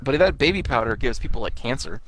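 A man's voice: medium pitch, lively intonation, quick pace, a bit bright, slight background noise. A man co-hosting a podcast, joking and teasing his friend in casual, profane banter. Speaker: podcast co-host.

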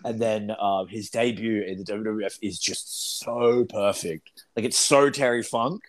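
Animated, swearing man telling wrestling stories. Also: lowish voice, a little slow. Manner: animated storytelling, swears freely. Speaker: podcast co-host. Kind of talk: casual chat.

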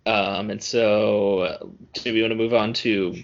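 A man's voice: on the low side, fairly even intonation, unhurried, highs cut off. A man co-hosting a podcast in casual chat, talking loosely with lots of fillers and frequent laughter. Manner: laughs often, chatty with many fillers. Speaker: podcast co-host.

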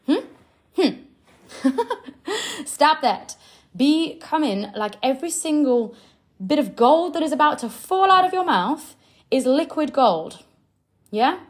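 A young woman speaks in a somewhat high voice, giving direct, no-nonsense coaching. She is emphatic and instructive. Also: big pitch swings, slow, long pauses. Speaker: sales coach. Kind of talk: direct coaching talk to camera.

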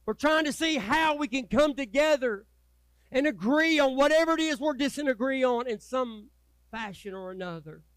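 A man preaching a sermon as pastor, folksy and swinging from loud urging to low, quiet asides. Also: expressive, moderate pace, clean tone, dry recording. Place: church sanctuary.

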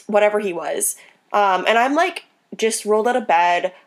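A young woman co-hosting a casual chat, telling stories in a crude, animated way. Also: medium pitch, moderate pace. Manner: crude, animated storytelling with frequent laughter.

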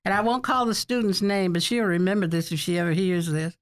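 A woman's voice: fairly low pitch, fairly even intonation, brisk. An older woman in an oral history interview, recalling colleagues as a chatty storyteller who laughs often.

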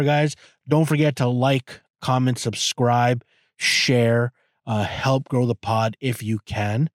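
A man's voice: mid-range voice, a little mellow, no room sound, studio quality. Rambling man hosting a podcast. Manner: rambling, repeats words, swears freely. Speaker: podcast host. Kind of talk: casual solo podcast talk. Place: inside a parked car.

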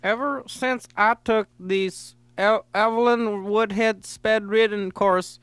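A man playing an over-earnest customer in a spoof radio ad, halting as he reads. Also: high-pitched, fairly even intonation, fairly bright tone, smooth, no echo. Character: earnest speed-reading ad testimonial man.

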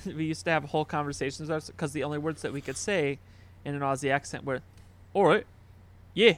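A man's voice: on the high side, flat delivery, fast. Easygoing man wrapping up a podcast. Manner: easygoing, wraps up the show. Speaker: podcast host. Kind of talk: casual chat.

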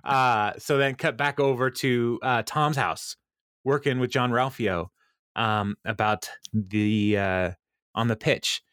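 A man's voice: medium pitch, steady tone, slow pace, a bit bright, clear, resonant tone, no room sound, clean studio sound. A man hosting a podcast, chatting casually and laughing often, with plenty of ums. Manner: laughs often, lots of ums, reads out quotes. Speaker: podcast host recapping episodes. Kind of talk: casual chat.

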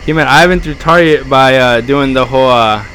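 A man's voice: medium pitch, moderate pace, fairly bright tone, slight background noise, rough recording. A man co-hosting a podcast in casual chat, telling stories loosely and laughing often. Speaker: podcast host.

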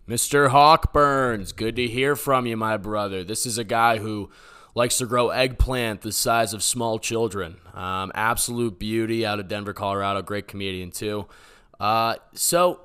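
A man's voice: lowish voice, steady tone, normal speed, a bit bright, clean tone. Sarcastic joking male podcast host. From Boston area, USA. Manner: joking, sarcastic, rambling with fillers. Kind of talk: casual podcast chat answering voicemails.

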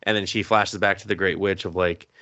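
A man's voice: low-pitched, fairly even intonation, a little fast, sharp tone, dry recording, highs cut off. A man co-hosting a podcast, casually recapping an anime episode, acting out the characters' lines, laughing and swearing as he goes. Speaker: podcast co-host.

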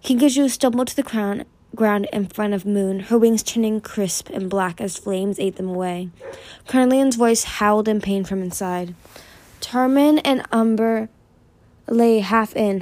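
A woman's voice: mid-range voice, a little slow, a little mellow, dry recording. Woman reading a fantasy novel aloud. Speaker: audiobook reader. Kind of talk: fan audiobook reading.

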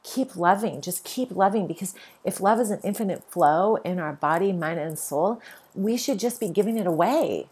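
A middle-aged woman with a low, husky voice talks through a spiritual podcast monologue. She is earnest and emphatic, and she circles back on the same phrases again and again. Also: moderate pace, darkish tone. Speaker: podcast host.

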